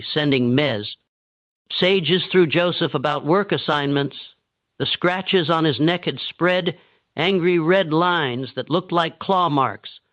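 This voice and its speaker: A man with a slightly high voice narrates a dark historical story from a script, steady and measured. The sound is dull, dry, and lo-fi.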